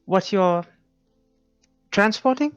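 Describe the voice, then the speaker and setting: A stern, refined noblewoman with a high, smooth voice talks in a formal, commanding manner, put on by a man. The stream audio sounds slightly muffled, with faint music underneath. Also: animated, takes it slowly, no echo. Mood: formal, polite.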